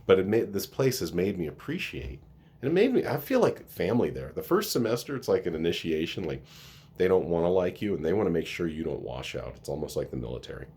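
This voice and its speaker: Very deep-voiced earnest man. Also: big pitch swings, fast, darkish tone, husky. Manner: earnest and emotional, with many restarts. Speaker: school staff member. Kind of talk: casual talking-head vlog.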